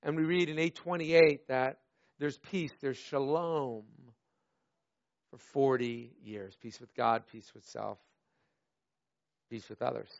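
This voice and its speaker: A man preaching a sermon, telling a story with animated asides and acted-out voices, then dropping to soft, earnest appeals. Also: medium pitch, takes it slowly, gravelly, pauses often, no room sound, muffled recording. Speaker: pastor.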